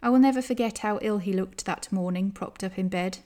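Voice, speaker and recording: Woman narrator for a memoir reading, steady and careful. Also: mid-range voice, brisk.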